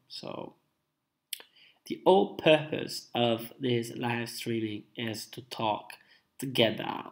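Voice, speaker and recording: A man from Italy with an Italian accent, whose first language is Italian, sounding sick as he chats slowly and repetitively on a live stream. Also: medium pitch. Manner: slow, repetitive, drawn-out. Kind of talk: casual live stream chat.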